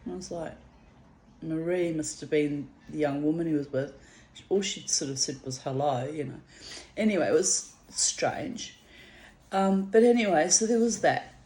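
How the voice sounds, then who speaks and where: Older woman, vlogger, rambling anecdote, slightly low mellow voice, animates quoted lines. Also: moderate pace. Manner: chatty, rambling, quotes others in lively voices. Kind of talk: casual storytelling.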